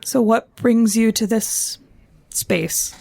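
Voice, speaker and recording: A woman playing a tabletop game, talking in calm, curious questions. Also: a little high, slow, creaky, no room sound. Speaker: player. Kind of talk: casual tabletop roleplay.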